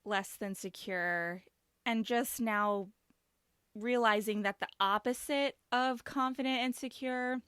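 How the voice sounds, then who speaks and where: A woman hosting a podcast interview, reflective and thinking aloud with pauses. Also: a little high, a bit bright, clear, resonant tone, no room sound, clean studio sound. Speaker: podcast host. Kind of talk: casual conversational interview.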